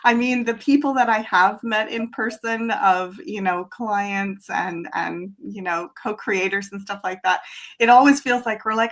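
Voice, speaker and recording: A woman's voice: mid-range voice, measured pace, a bit bright. A middle-aged woman co-hosting a casual spiritual chat show, enthusiastic and rambling with fillers. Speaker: co-host and reader.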